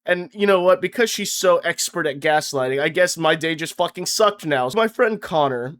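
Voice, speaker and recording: Young male vlogger, high-pitched, deadpan-sarcastic comic rant, profane, stammers and restarts. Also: moderate pace. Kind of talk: comedic rant to camera.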